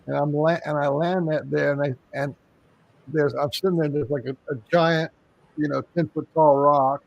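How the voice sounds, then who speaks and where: A man's voice: on the high side, steady tone, moderate pace, gravelly, no echo, muffled recording. A man from Texas, a guest on an interview show, telling a long story in a casual, rambling way with many restarts. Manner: rambling, with frequent restarts and fillers.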